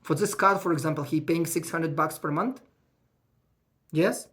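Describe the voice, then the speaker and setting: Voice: mid-range voice, moderate pace, fairly bright tone. An accountant talking casually to viewers about money in non-native English, getting emotional and raising the voice. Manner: emotional, raises voice when worked up. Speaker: accountant giving financial advice. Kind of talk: casual advice talk to viewers.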